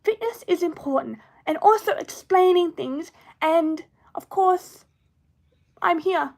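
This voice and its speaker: Very high-voiced rambling woman live-streamer. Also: slow pace, vocal fry, darkish tone. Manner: rambling, full of restarts and self-corrections; playful, drifts between topics. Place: indoor room at home with plush toys. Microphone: phone.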